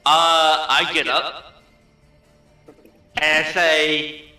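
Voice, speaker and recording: Man, player, matter-of-fact, bright tense voice, echoey room. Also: fairly high pitch, little pitch movement, slow pace, pauses often, recorded from a distance, faint music behind. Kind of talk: casual tabletop game play.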